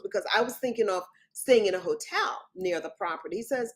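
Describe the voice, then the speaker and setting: A woman's voice: mid-range voice, expressive, a little fast, few pauses, breathy edge. A woman guest on an interview show, recounting a personal story in vivid detail and often quoting what others said. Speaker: author guest.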